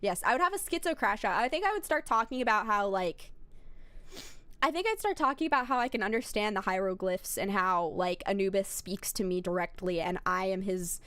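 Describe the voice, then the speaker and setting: This young adult VTuber streamer rambles profanely in casual livestream chat, speaking directly to her audience. Her mid-range, fairly bright voice has lively intonation and runs a little fast, captured in a dry recording.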